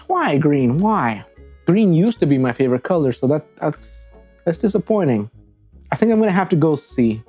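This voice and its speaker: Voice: mid-range voice, big pitch swings, normal speed, mellow, husky, faint music behind. A vlogger giving playful, rambling taste-test commentary, talking dramatically to the things being tasted and often stumbling and restarting. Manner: chatty, dramatic, talks to the crayons. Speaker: vlogger tasting crayons. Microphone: new desk microphones.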